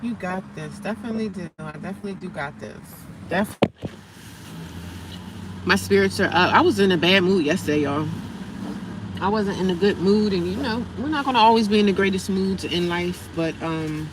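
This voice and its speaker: Sitting in her car at a gas station, a woman vlogger talks casually to her viewers in a mid-range voice at a moderate pace. She's chatty and rambling, encouraging herself as she goes, and the recording is distant with a noisy background.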